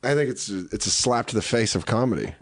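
A man guesting as a comedian, telling relaxed stories about his life with quoted asides. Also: medium pitch, brisk. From New York. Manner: laid-back storytelling with quoted asides. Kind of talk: casual chat.

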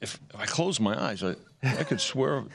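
A man joining a sports radio show as an oddsmaker guest, talking slowly and haltingly with repeated words. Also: medium pitch, animated, slightly rough, no room sound.

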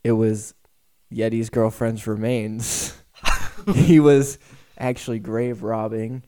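A man's voice: lowish voice, little pitch movement, slow pace, warm tone, smooth. A man hosting a podcast, improvising a silly story with friends and laughing along. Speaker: podcast host.

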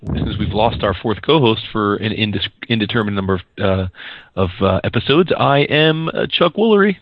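A man's voice: lowish voice, expressive, normal speed, no echo, lo-fi sound. A man co-hosting a casual podcast, chatty and rambling as he tells stories. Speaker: podcast co-host.

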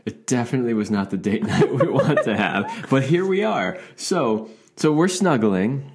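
A man's voice: medium pitch, normal speed, noisy background. Guy podcast host telling a story, laughs a lot, voice swings up and down all over. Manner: animated, laughs often. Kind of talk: casual storytelling chat.

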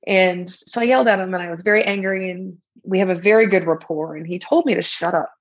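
Woman guest, husky chatty delivery, lo-fi dull podcast sound. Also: fairly low pitch, quick pace. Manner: chatty, laughs often, frequent restarts. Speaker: guest author and coach. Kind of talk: casual podcast interview.

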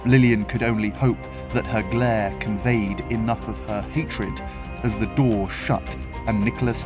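A man reading his own fantasy story aloud as writer and narrator, in measured, expressive storytelling. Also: lowish voice. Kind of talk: scripted narration.

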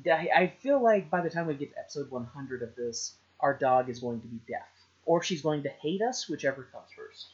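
A man's voice: a little high, lively intonation, fairly quick, hardly any pauses. A man co-hosting a podcast, chatting casually about a film with jokes and restarts. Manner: rambling, joking, with restarts. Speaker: podcast co-host. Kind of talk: casual chat reviewing a film. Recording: slightly dull lo-fi sound.

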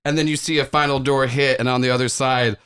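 A man's voice: medium pitch, fairly even intonation, fast talker, fairly bright tone, smooth. A man running a tabletop game as game master, narrating in a loose, hesitant way full of restarts.

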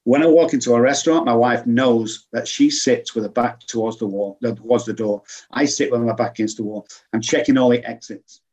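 A man's voice: mid-range voice, fairly quick, hardly any pauses, darkish tone, breathy edge. A man, a guest in an interview, explaining alcohol recovery earnestly and acting out quoted voices. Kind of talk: conversational interview.

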